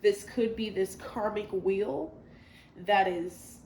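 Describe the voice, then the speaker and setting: A chatty woman reads tarot cards in a loose, rambling way, full of fillers and side remarks. Her mid-pitched voice sounds roomy and echoey, with a faint hiss underneath. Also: takes it slowly, darkish tone. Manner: chatty, many fillers and asides. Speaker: tarot reader. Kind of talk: casual tarot reading. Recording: echoey room with faint noise.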